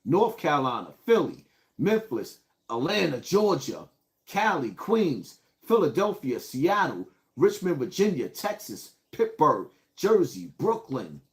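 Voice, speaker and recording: A man's voice: on the high side, big pitch swings, unhurried. A man from the Bronx, hosting a casual live stream and hyping up his viewers. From Bronx, New York. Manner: hyped, calls out viewers by place. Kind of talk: casual livestream talk.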